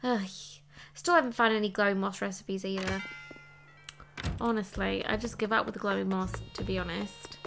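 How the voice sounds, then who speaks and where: A woman chatting playfully while she plays a game and thinks out loud, with game music behind. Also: mid-range voice, fairly even intonation, moderate pace, creaky. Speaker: let's play host. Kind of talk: casual gameplay commentary.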